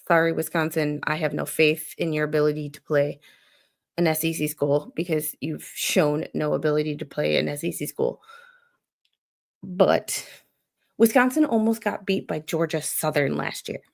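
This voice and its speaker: A woman's voice: deep voice, gravelly, darkish tone. A woman hosting a show, rambling in an unfiltered, exasperated rant and swearing freely. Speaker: podcast host.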